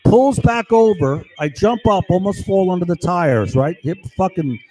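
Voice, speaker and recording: A man's voice: high voice, expressive, moderate pace, dark tone, poor audio. A man ranting angrily and rambling about his grievances, swearing often. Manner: profane, agitated. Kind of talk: angry personal rant.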